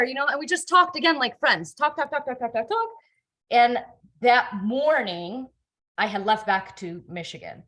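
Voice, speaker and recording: A young adult woman telling her life story in a relaxed interview, lively and full of fillers and repeats. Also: a little high, moderate pace. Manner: animated, many fillers and repeated words. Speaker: guest. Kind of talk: conversational storytelling.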